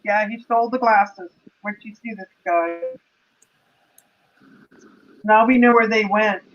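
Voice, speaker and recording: A woman's voice: medium pitch, slow. A woman co-hosting a casual livestream, chiming in with short, chatty replies. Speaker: co-host. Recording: dull lo-fi stream audio.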